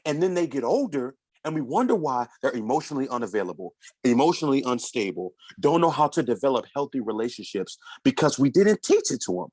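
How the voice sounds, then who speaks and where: A man in his thirties, a podcast guest, talking through parenting stories in a lively, conversational way and now and then acting out his children's voices. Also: mid-range voice, fast, hardly any pauses, no room sound. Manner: animated storytelling, acts out his kids' voices.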